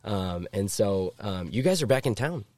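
A man's voice: fairly low pitch, lively intonation, normal speed, darkish tone, dry recording. A man hosting a podcast in a casual chat, self-deprecating and laughing easily. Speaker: podcast host.

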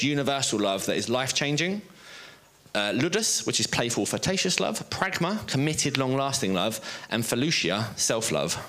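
A man preaching a sermon on a stage before an audience, lively and joking at his own expense. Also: medium pitch. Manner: lively, joking, self-deprecating storyteller.

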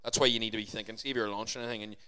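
A young Scottish man talking quickly in casual podcast chat. His voice is bright and forward, and he rants and swears as he acts out old arguments. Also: fairly low pitch, clean tone. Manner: ranting, swearing, animated storytelling.

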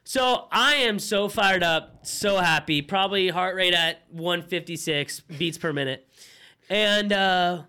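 A young man co-hosting a podcast, telling stories in a loud, animated way, swearing and using lots of fillers. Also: high voice, slow, smooth. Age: young adult. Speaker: podcast co-host. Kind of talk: casual chat.

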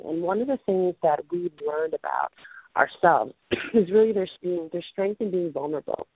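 A hoarse woman in her late twenties, losing her voice as she co-hosts a call-in show. She talks in an earnest, rambling way, clearing her throat and restarting sentences. The sound is a thin, tinny phone line with no room around it. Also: fairly low pitch, lively intonation, moderate pace, no room sound. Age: 20s. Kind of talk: casual show announcement.

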